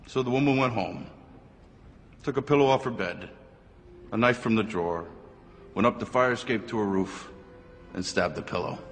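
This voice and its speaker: A male preacher tells a story in an unhurried way, his voice carried by a long hall reverb. Faint music sits under the speech. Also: lowish voice, a bit bright. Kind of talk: storytelling in a sermon.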